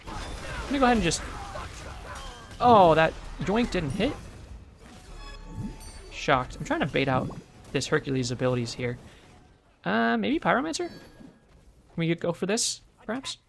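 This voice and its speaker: Young guy streaming ranked matches, gravelly voice, chats strategy then gets loud and cocky. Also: sits high, measured pace, long pauses, soft background music. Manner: excitable trash talk with bursts of yelling. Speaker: gaming streamer. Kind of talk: live gameplay commentary.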